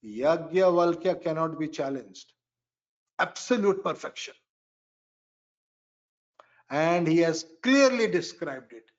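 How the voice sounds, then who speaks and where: A man's voice: a little high, lively intonation, dull audio. A man giving a spiritual astrology lecture, speaking emphatically and repeating key phrases. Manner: slow, emphatic, repeats phrases and chants mantras. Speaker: Vedic astrology teacher.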